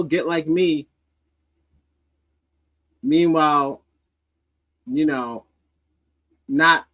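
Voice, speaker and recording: A man's voice: on the high side, fairly bright tone, rough recording. A man hosting a casual commentary stream, reacting to social media clips in a rambling, sardonic way with many restarts.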